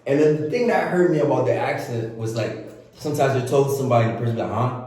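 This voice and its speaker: A man's voice: mid-range voice, lively intonation, fast talker, mellow, very echoey, recorded from a distance, slight background noise, low-quality recording. A young man from Ghana with a Ghanaian accent, telling stories in a slangy casual chat full of fillers. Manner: loose slangy storytelling, many fillers. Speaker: podcast host.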